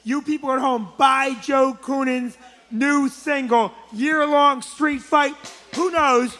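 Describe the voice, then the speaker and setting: High, bright-voiced club host. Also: male voice, takes it slowly, soft background music. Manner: loud, excited plugs and shout-outs. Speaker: club owner and show host. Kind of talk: live show sign-off announcements. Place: comedy club stage.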